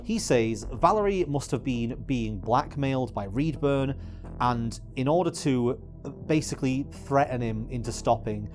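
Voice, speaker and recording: A man's voice: mid-range voice, lively intonation, measured pace, faint music behind. A man giving exasperated, swearing video essay commentary as a YouTuber.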